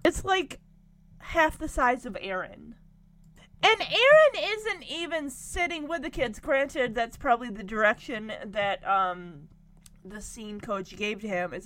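A young woman casually recapping a TV episode, with animated and indignant storytelling. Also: on the high side, measured pace. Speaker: TV show recapper.

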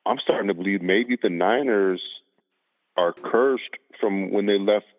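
A very deep-voiced male caller heard over a thin, tinny phone line. He talks casually and haltingly, leaning on fillers as he works through his thoughts. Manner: halting, full of fillers like "you know". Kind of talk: casual sports chat.

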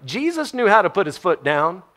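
A man preaching a sermon, telling Bible stories in an animated way, acting out the quotes and laughing often. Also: sits high, fairly quick.

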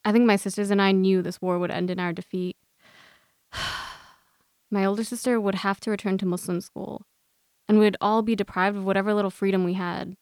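Young woman with a smooth, clear voice. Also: mid-range voice, steady tone, a little fast, pauses often, darkish tone, no room sound, studio quality. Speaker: guest author. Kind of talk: reading a personal essay aloud.

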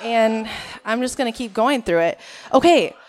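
A woman's voice: on the high side, expressive, moderate pace. A stand-up comedian from Minnesota, a woman, nervous on stage and chatting to the crowd in a self-mocking way. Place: on stage at a live show.

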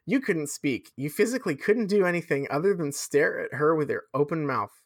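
Host reading fanfic out loud all dramatic, swears a lot, voice jumps all over. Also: mid-range voice, expressive, a little fast, no echo, studio quality. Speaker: podcast host. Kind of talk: reading fan fiction aloud.

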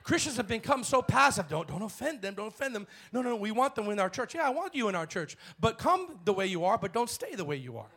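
A male pastor preaching a bold sermon in church, swinging from shouted lines to hushed ones. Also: very high-pitched, big pitch swings, fast talker, few pauses.

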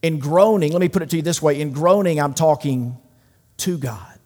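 A man's voice with a slightly high pitch delivers an emphatic sermon in a large room. He swings from loud declarations to hushed, close asides. Long reverb trails every phrase. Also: moderate pace. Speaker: pastor.

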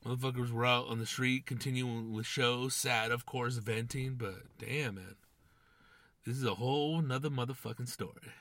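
Young male podcast host, bright, dry close sound, swears constantly, rambles. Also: medium pitch, steady tone, moderate pace, no room sound. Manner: profane, rambling, slangy, says "dude" and "man". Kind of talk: casual monologue.

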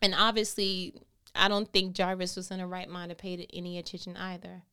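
A woman hosting a casual faith talk, animated, laughing often and acting out biblical scenes in everyday slang. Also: on the low side, brisk, smooth. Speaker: podcast host.

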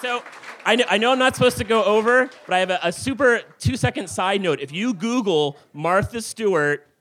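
A man's voice: high-pitched, a little fast, some chatter behind. A middle-aged man telling a rambling true story to a live audience in a tavern, with lots of fillers. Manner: animated, rambling with many fillers.

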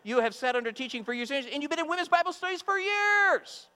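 A man's voice: very high voice, animated, fairly quick, sharp tone, pitched above the performer's own voice, full character voice. A man voicing an earnest male pastor who urges an elderly woman in a fatherly way. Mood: urging. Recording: long hall reverb with mains hum.

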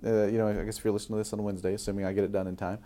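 A man's voice: on the low side, little pitch movement, racing, a crowd in the background. A man co-hosting a casual chat podcast, easygoing and chuckling between remarks. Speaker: podcast co-host, news anchor.

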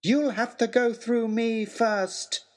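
A man's voice: very high-pitched, a little slow, a little mellow, voice pushed up. A man voicing a bold, defiant young woman disguised as a boy in a storybook reading.

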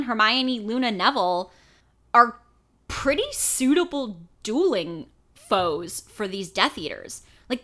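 Sarcastic woman with a lively voice. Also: fairly high pitch. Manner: sarcastic, swears, exasperated asides. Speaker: podcast co-host. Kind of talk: casual chat.

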